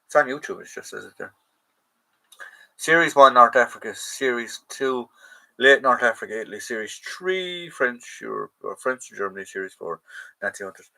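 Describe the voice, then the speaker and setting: A man's voice: mid-range voice, lively intonation, normal speed, creaky, sharp tone, rough recording. An Irish man hosting a casual livestream Q&A, chatting loosely, reading viewer comments aloud and answering them, and correcting himself as he goes. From Ireland. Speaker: host of a live chat stream.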